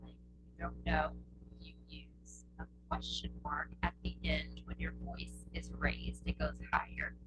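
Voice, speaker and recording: Slow, patient woman teaching punctuation. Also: low-pitched, level tone, noisy background. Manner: slow, patient, repeats points with checking "okay?". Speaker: test prep teacher. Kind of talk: classroom lesson explaining punctuation.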